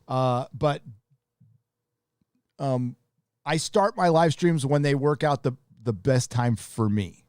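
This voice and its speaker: A man's voice: medium pitch, takes it slowly, pauses often, darkish tone, clear, resonant tone, no room sound, clean studio sound. A man hosting a live stream, reading viewer donations aloud and ranting bluntly with plenty of swearing. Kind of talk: casual live stream commentary.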